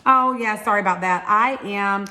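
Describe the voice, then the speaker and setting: A woman's voice: mid-range voice, moderate pace, pushed and bright, a little hiss or hum. A woman in her forties from Alabama with a Southern accent, chatting casually while answering viewer questions and stretching one-syllable words into two. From Alabama, USA. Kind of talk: casual chat.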